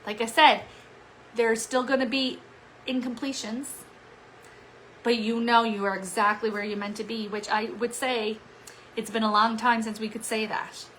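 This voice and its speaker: A woman's voice: on the high side, level tone, moderate pace, a bit bright, slight background noise, poor audio. A middle-aged woman, a psychic medium, giving a live weekly card-reading forecast in an upbeat, emphatic, encouraging way, often checking in with "okay?" and "right?". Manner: upbeat, emphatic, encouraging, talks straight to viewers. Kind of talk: live-streamed casual forecast talk.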